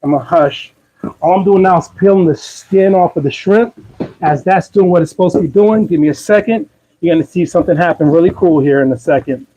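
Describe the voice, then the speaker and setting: High-voiced chatty Maryland man cooking. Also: fairly quick, mellow, dull audio. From Maryland, USA. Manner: upbeat, chatty, coaxing viewers along. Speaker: host cooking on a livestream. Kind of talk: casual cooking demo chat to viewers. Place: home kitchen.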